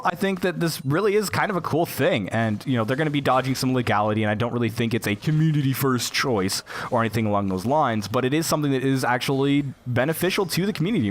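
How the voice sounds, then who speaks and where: A man's voice: medium pitch, a little hiss or hum. A young American man chatting casually about a game while playing it in the background, rambling with fillers and asides. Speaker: gaming YouTuber. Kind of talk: casual commentary over gameplay.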